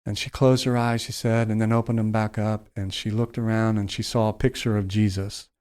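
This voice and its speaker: Soft-spoken man telling a moving story. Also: on the low side, little pitch movement, clean tone. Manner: slows down and softens for emotional moments. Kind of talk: heartfelt storytelling.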